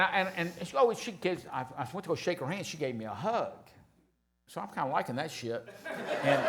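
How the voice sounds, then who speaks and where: A man's voice: fairly high pitch, noisy background. An older man from Houston, rambling through profane, self-mocking stories as a guest on stage. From Houston, Texas. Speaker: restaurateur guest. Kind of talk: casual storytelling on stage.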